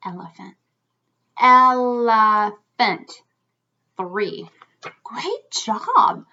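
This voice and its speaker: Bright, lively-voiced woman teaching young children. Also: fairly high pitch. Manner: clear, slow demonstrating speech for young learners. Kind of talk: children's lesson. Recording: slightly dull lo-fi sound.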